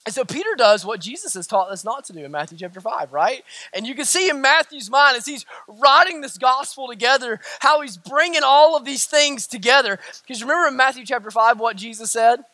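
Male pastor, sermon delivery, emphatic, with jokes along the way; bright, tense voice. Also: very high-pitched, lively intonation, a little fast, hardly any pauses, dry recording. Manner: emphatic, repetitive, with humorous asides.

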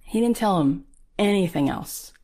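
A woman's voice: medium pitch, a little slow. A woman giving a motivational talk, telling a story with emphatic repetition and acting out the people in it. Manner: emphatic, repeats key phrases for punch; animated, acts out the people in the story. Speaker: motivational speaker.

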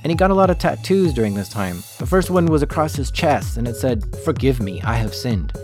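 A male podcast host narrates from a script in a calm, steady voice at an average pitch. Music plays clearly beneath him throughout. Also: fairly quick. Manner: calm, even storytelling. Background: background music.

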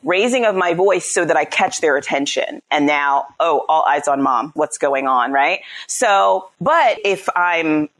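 Animated lower-voiced woman parenting coach. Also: measured pace, few pauses. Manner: animated, acts out quotes, frequent "right?" tags. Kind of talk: conversational interview.

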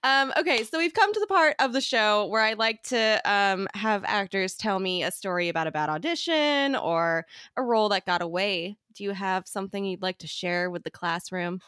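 A woman hosting a podcast, chatting in a relaxed, casual way, laughing often and swearing offhandedly. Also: medium pitch, normal speed, few pauses, smooth, no echo, clean studio sound. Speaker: podcast host. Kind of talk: casual chat.

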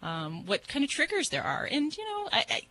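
A woman's voice: sits high, huge pitch swings, fairly quick, sharp tone, a little hiss or hum. A woman giving pet advice on a radio call-in show, thoughtful and hedging, with a lot of fillers. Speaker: pet expert guest.

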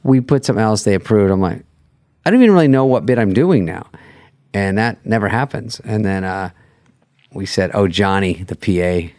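A man's voice: fairly low pitch, a little fast, dry recording, studio quality. A middle-aged man on a podcast, chatting casually and acting out quotes as he tells stories. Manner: animated storytelling, acts out quotes. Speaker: late-night host, guest.

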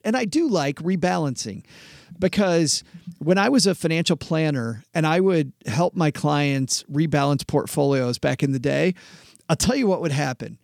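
A middle-aged man, once a financial planner, tells an animated story in casual conversation. His voice sits a little high with a gravelly rasp, and the recording is dry and close. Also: no room sound. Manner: animated storyteller, acts out clients. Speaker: podcast host, former financial planner. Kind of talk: casual chat.

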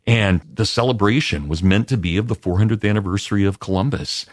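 A man answering interview questions as a guest historian, in an expansive, lecturing way with lively emphasis. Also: on the low side, fairly quick, no echo, studio quality.

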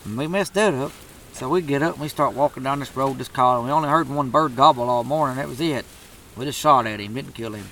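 A man's voice: mid-range voice, fast talker, pushed and bright, a little hiss or hum, low-quality recording. A man telling a turkey hunting story in a drawling, profane, laid-back way. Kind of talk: casual storytelling.

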